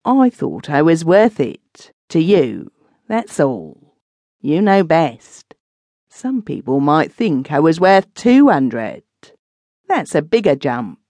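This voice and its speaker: A woman voicing a scheming middle-aged housekeeper in an audiobook, dry and quietly menacing. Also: low-pitched, big pitch swings, takes it slowly, dry recording, voice pushed up, full character voice. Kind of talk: audiobook reading.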